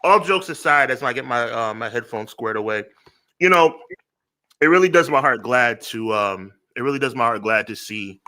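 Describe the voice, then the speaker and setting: A man's voice: medium pitch, expressive, moderate pace, pushed and bright. A man co-hosting a wrestling podcast in casual chat, blunt and mock-outraged, often restarting his sentences. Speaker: podcast co-host.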